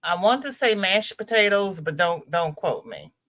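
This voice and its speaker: A woman's voice: on the low side, lively intonation, moderate pace, a bit bright. A middle-aged woman hosting a live stream, chatting casually and rambling between greetings to viewers by name. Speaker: livestream host.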